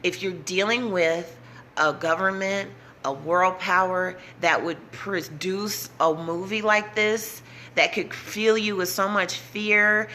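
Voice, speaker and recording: A woman's voice: medium pitch, sharp tone, a little hiss or hum. A woman vlogger talking straight to her audience in an impassioned, urgent way, repeating herself to drive points home. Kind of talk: impassioned direct-to-camera talk.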